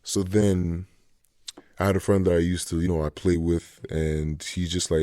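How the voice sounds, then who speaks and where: Young man, DJ guest, slangy relaxed storytelling, very low voice, dry recording. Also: normal speed, no room sound. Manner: laid-back storytelling with slang. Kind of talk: casual chat.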